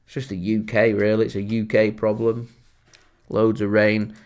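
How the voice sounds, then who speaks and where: Chatty Lancashire man, low voice. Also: completely flat delivery, moderate pace, a little mellow. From Lancashire, England. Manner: chatty, rambling, answers viewer comments. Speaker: fan channel host. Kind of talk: live football watchalong commentary.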